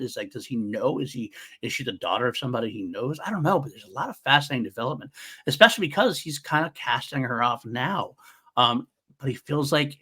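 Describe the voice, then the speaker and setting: A man's voice: medium pitch, bright, forceful tone, breathy edge. A man co-hosting a fan podcast, talking eagerly in casual chat and laughing while he retells scenes. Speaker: podcast co-host.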